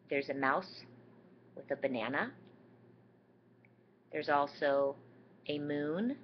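A woman reads a children's picture book aloud and teaches signs as she goes. She speaks slowly and gently in a lowish voice, breaking into playful voices for the animals. The home video recording is dull and lo-fi, with a faint hiss. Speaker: sign language teacher reading a picture book. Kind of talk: storybook reading with sign instruction.

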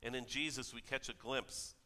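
A man's voice: mid-range voice, steady tone, moderate pace, bright, forceful tone. A man preaching a sermon as pastor, conversational and telling stories with quoted voices. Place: church. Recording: church hall reverb.

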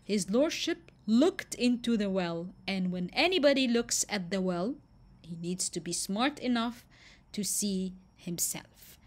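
A woman teacher tells an animal fable at an unhurried pace. She stops often to ask her listeners questions and leans hard on the key words. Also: mid-range voice, animated. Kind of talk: storytelling lesson.

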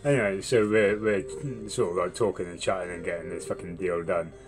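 A man's voice: deep voice, fairly quick, music in the background. A young man telling a rambling, swear-filled story in a casual vlog. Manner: swears a lot, rambling and animated when retelling.

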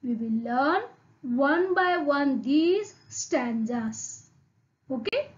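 A woman's voice: high voice, expressive, drawn-out words, highs cut off. A woman with an Indian English accent teaching an online English lesson to young children. She repeats words one by one and keeps asking the class questions. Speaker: primary school English teacher.

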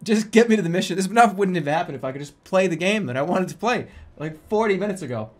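A man streaming a video game, giving excitable live commentary and laughing often. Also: high voice, fast.

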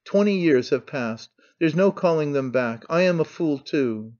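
A man's voice: a little high, animated, a little slow, muffled recording. A man voicing a fierce, imperious noblewoman. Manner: scolding, commanding, sharp outbursts.

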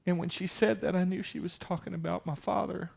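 Male pastor, high-pitched, storytelling sermon that rises to forceful preaching. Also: steady tone, brisk, gravelly, breathy edge. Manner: storytelling, building to loud emphatic preaching.

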